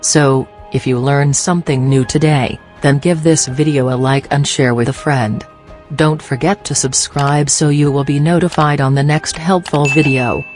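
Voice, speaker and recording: A narrator giving a scripted, measured reading of customer service and career advice. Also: mid-range voice, steady tone. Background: faint background music.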